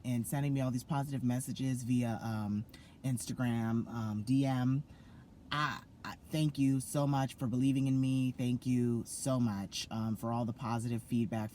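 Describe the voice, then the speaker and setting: A man's voice: mid-range voice, warm tone, slight background noise. Gushing young man vlogging. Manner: gushing, effusive, many fillers and restarts. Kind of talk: excited casual vlog to camera.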